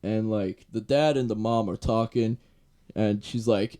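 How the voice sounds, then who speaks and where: A man's voice: lowish voice, measured pace. Young guy telling a profane story time. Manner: loose, profane storytelling with many fillers; gets louder and more worked up as the story heats up. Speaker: vlogger.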